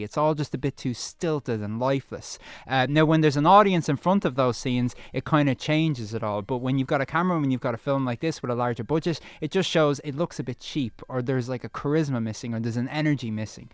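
A man's voice: mid-range voice, clear, resonant tone, dry recording. A man giving a chatty film review on the radio, with many ums and asides.

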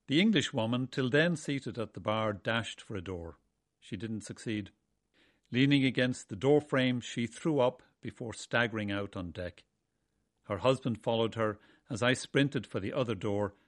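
A man from Ireland, narrating a memoir of his seafaring days in a measured, wry way. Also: medium pitch, dry recording, studio quality. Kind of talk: first-person storytelling.

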